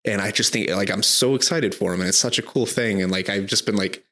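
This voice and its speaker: A young man co-hosting a podcast in casual chat, halting often with restarts and fillers. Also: lowish voice, bright, forceful tone. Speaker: podcast co-host.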